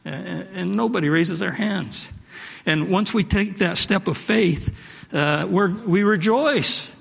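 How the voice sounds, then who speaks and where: This pastor's voice is fairly high, a little slow, a bit bright, and marked by vocal fry. Preaching in a church sanctuary with long hall reverb, he repeats his points for emphasis and addresses the congregation directly.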